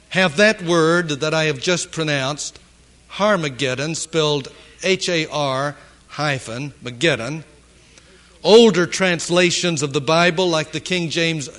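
Slow, deliberate male preacher. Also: a little high, a bit bright. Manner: slow, deliberate, emphatic delivery with dramatic pauses. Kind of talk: sermon.

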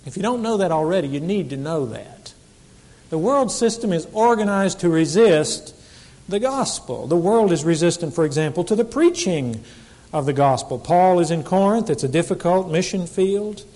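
A man pastor preaching a sermon in a church service, with emphatic rises and hushed drops in intensity. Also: high-pitched, expressive, normal speed.

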